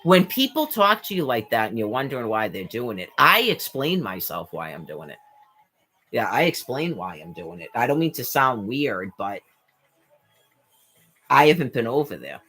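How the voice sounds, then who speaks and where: A woman's voice: a bass voice, sing-song, moderate pace, fairly bright tone, breathy edge. A woman vlogging an exasperated, profane rant, full of rhetorical questions and stumbling restarts, now and then mimicking what others said. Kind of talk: rambling rant to camera.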